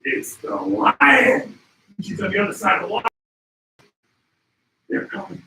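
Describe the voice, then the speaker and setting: Brief: bright, high-pitched man, lively storyteller, roomy hall, off-mic. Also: unhurried, far from the mic. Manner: excitable, shouts at peaks, acts out animals. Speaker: wildlife photographer giving a talk. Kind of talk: animated storytelling presentation. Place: expo hall. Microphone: handheld mic.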